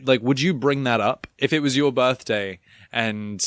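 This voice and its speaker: A man's voice: medium pitch, moderate pace, a bit bright, clear, resonant tone, no echo, studio quality. A young man co-hosting a casual chat, rambling through a story with restarts and fillers. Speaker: podcast co-host.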